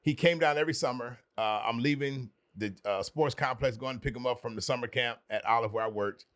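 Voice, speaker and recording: A man's voice: mid-range voice, brisk, a bit bright. A man, a podcast guest, telling an earnest personal story with emphatic repetition.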